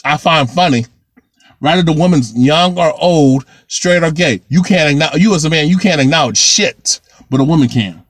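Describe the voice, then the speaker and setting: A man's voice: fairly high pitch, normal speed, no room sound, studio quality. A man vlogging a heated, ranting monologue to camera, repeating himself and restarting phrases. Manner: heated, repetitive, circles back and restarts.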